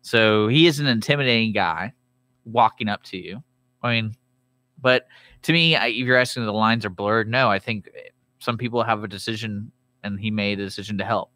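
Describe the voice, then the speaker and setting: Male podcast co-host, low bright voice, blunt and dismissive. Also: normal speed, no echo. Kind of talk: casual chat.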